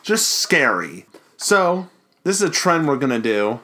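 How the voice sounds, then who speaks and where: A man from the Baltimore area co-hosting a podcast in casual, jokey, excitable chat. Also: a little high, unhurried. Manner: jokey, excitable, self-mocking. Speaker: podcast co-host.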